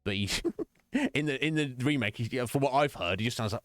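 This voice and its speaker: A man's voice: mid-range voice, a little fast, long pauses, a bit bright, dry recording. A man streaming live, chatting casually and jokingly with his viewers in a rambling way. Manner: rambling, jokey, chatty, addresses viewers by name.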